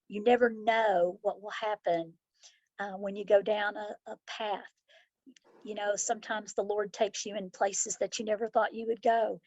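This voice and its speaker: Her mid-range, slightly mellow voice carries heartfelt, reflective interview answers. She is a middle-aged school principal who tells personal stories and acts out children's voices. The audio has no echo, and the highs are cut off.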